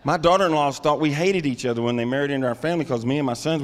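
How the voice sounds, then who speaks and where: A middle-aged man preaching a sermon, calling out to the congregation and rising into loud, emphatic bursts. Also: a little high, rapid-fire, few pauses, big-room sound. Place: church sanctuary.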